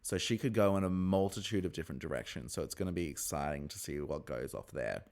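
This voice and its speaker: A man giving a casual, chatty episode review, acting out the contestants with sudden high-pitched squeals. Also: quick pace. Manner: chatty, animated, jumps into high squeals when excited. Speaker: reality TV recap host.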